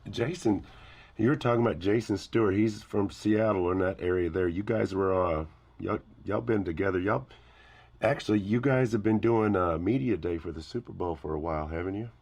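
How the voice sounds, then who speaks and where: A man hosting a casual chat, talking in a relaxed, rambling way. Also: low-pitched, moderate pace.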